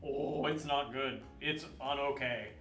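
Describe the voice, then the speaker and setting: Bright-voiced animated man in a roomy space. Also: mid-range voice, unhurried, soft background music. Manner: animated, with sound effects and silly quoted voices. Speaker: podcast co-host. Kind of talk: casual chat.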